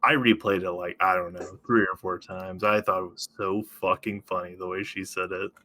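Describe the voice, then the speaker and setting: A man with a fairly low, bright and forceful voice chats casually on a podcast. He laughs often, swears freely and talks in loose, easygoing runs. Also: steady tone, moderate pace. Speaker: podcast co-host.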